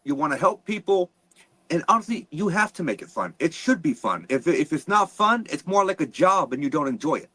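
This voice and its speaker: A man guesting on a podcast in casual chat, explaining things in an earnest, measured way. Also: fairly high pitch, very animated, sharp tone, slightly rough, no echo, low-quality recording. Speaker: guest paranormal investigator.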